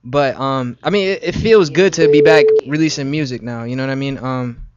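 A man's voice: mid-range voice, brisk, heavy background noise. A young man, a guest musician, chatting casually on a radio talk show, laid-back with trailing fillers. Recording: dull lo-fi radio stream.

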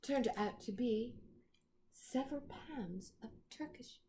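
A woman reading a children's story aloud as the narrator, in a slow, careful way. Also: on the high side, mellow, slight background noise. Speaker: reader.

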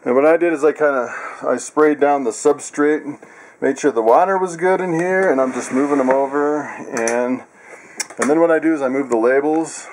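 A man's voice: normal speed, slight background noise. A man casually walking viewers through his animals in a vlog, chatty and laughing often. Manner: coos in high excited tones at pets. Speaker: vlogger.

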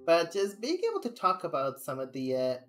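Low-voiced young woman venting on stream. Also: big pitch swings, fairly quick, soft background music. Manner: rambling, candid venting with frequent laughs. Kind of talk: casual live-stream chat.

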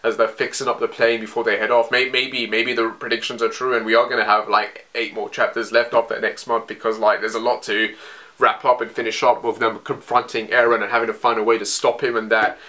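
A man giving casual reaction commentary on a comic, emotional and excitable, rambling with many restarts. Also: mid-range voice, fairly quick. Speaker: manga reaction vlogger. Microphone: phone.

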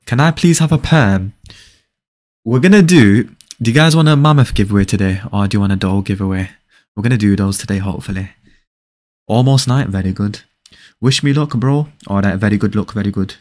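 A young man livestreaming a game, reading viewer comments aloud and answering them with playful teasing, often repeating short phrases in quick bursts. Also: on the low side, a little mellow. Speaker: live game streamer. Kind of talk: casual live-stream chat.

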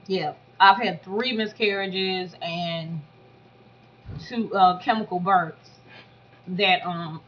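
A woman giving blunt, profane, animated commentary on a reality show in a casual vlog. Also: mid-range voice. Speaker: YouTube commentator reviewing a reality show reunion. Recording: dull lo-fi audio.

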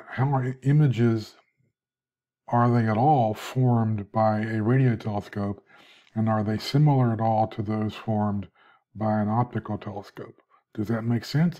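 A man, an instructor, giving a student casual recorded feedback, halting with many fillers and restarts, sleepy and yawning. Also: mid-range voice, warm tone, highs cut off.

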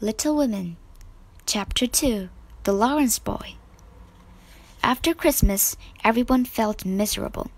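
A woman reading a children's storybook aloud with steady expression. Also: a little high, unhurried, pauses often. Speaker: narrator.

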